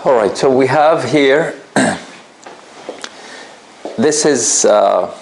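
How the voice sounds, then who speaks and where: A man teaching a recitation class in a relaxed, conversational way, often checking understanding with "right?" and putting questions straight to his students. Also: medium pitch, very slow, a little hiss or hum. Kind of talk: classroom lesson.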